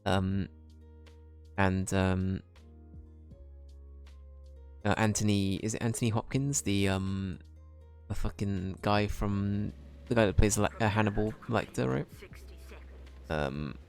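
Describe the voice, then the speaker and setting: A man's voice: lowish voice, slow, pauses often, a little mellow, faint music behind. A young man chatting casually on a game stream, rambling and swearing as he jokes with chat. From Britain.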